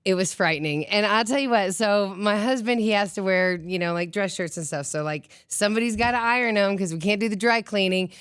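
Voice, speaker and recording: A woman's voice: mid-range voice, fairly quick, few pauses, clear, resonant tone, dry recording, clean studio sound. Chatty middle-aged woman radio host. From Colorado. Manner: chatty and animated, laughs often, acts out quotes. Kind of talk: casual chat.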